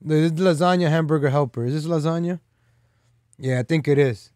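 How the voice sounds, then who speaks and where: A man's voice: fairly high pitch, fairly quick, darkish tone, dry recording, studio quality. A man hosting a live stream in loose, rambling casual talk, full of "like" and "man" fillers, teasing and boastful.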